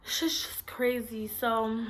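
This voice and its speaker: A woman's voice: on the high side, flat delivery, takes it slowly. A woman, telling a long personal story in a blunt, rambling, profane storytime vlog. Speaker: vlogger.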